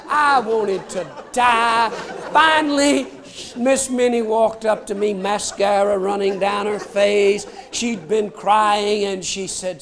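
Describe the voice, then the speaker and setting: High-voiced folksy male storyteller. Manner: folksy, animated, addresses the crowd directly. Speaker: storyteller and state trooper. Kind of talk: comic storytelling before a live audience.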